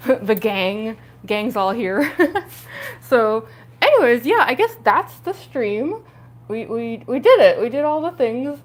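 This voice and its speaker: Giggly, chatty young woman streaming. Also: takes it slowly. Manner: giggly, chatty, frequent laughs and fillers; excitable, pitch jumping up on exclamations. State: speaking around costume fake teeth. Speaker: livestreamer. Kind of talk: casual livestream chat.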